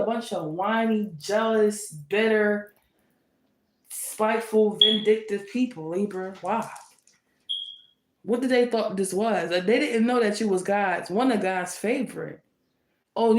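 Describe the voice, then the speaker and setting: Delivering a tarot reading, a woman in an ordinary mid-range voice comes on fiery and confrontational in a rush, circling her points over and over. A roomy echo fills the recording.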